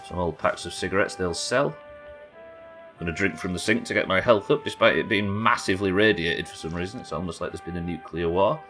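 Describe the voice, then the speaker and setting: A man's voice: sits low, fairly quick, a bit bright, soft background music. A man streaming a game live, chatting with viewers in a wry, sweary, bantering way. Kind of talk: live gameplay commentary.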